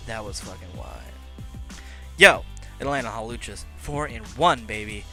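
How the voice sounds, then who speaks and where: A man giving casual, joking commentary on his game, brash and hyped-up, now and then shouting. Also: fairly low pitch, animated, normal speed, creaky, faint music behind. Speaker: Pokémon league player and video commentator.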